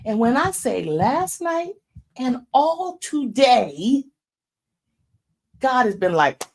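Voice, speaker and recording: A woman in her fifties hosting a faith talk show, preaching in a casual, folksy way and dropping into hushed asides. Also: high voice, sing-song, takes it slowly, husky. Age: 50s.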